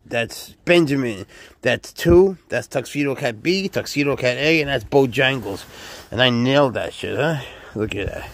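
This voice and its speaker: A laid-back man keeping snakes, chatting casually to the camera and talking softly and coaxingly to his animals. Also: mid-range voice, lively intonation, normal speed. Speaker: snake keeper.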